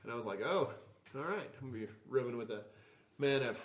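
A man co-hosting a podcast in casual chat, telling stories in a profane, animated way and laughing often. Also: mid-range voice, fast. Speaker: podcast co-host.

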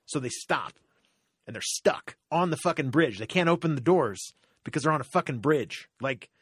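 A man's voice: on the high side, moderate pace, slightly rough, no echo, clean studio sound. Profane rambling man. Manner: profane, rambling, animated retelling with many fillers. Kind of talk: casual storytelling rant.

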